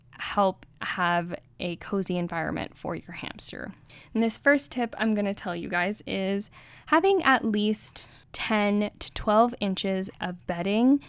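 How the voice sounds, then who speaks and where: Slow-talking woman hosting a pet podcast. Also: medium pitch, clear, resonant tone, no room sound. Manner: chatty, upbeat, with small laughs and restarts. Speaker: podcast host. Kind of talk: casual solo podcast talk.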